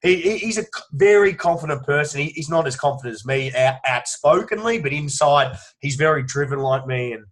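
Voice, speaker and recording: A man's voice: a little high, lively intonation. Emphatic Australian man, story-telling coach. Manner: emphatic, swears freely, talks fast in long run-on stories. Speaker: strength and conditioning coach, guest. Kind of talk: casual podcast interview.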